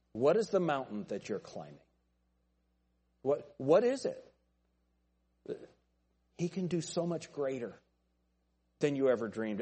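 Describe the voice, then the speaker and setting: Husky, dark-voiced pastor preaching warmly. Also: male voice, medium pitch. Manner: folksy, joking with the congregation. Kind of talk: sermon. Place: church sanctuary.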